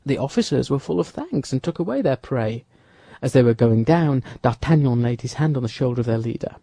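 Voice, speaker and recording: A man narrating a classic adventure novel as an audiobook, in a lively storytelling manner. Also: medium pitch, brisk, vocal fry, no echo. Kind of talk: scripted narration.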